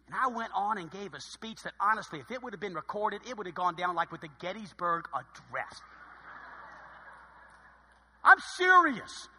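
Middle-aged pastor guy preaching, big swings from loud to quiet, sounds like a big echoey church. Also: sits high, moderate pace, long pauses, husky. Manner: animated storytelling, swinging between loud bursts and quiet asides. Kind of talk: sermon. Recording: long reverb of a large hall.

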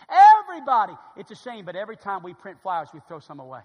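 Male pastor, fervent sermon delivery, high voice, echoing sanctuary. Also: expressive, fast talker. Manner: builds from quiet storytelling to loud fervent preaching.

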